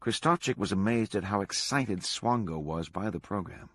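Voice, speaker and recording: A man reading a true crime book aloud to a book club in a steady, measured way. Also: lowish voice, slightly rough, no echo.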